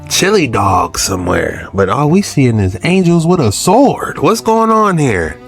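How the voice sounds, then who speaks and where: A man's voice: mid-range voice, sing-song, measured pace, vocal fry, faint music behind. A man co-hosting, reacting casually with curious rhetorical questions.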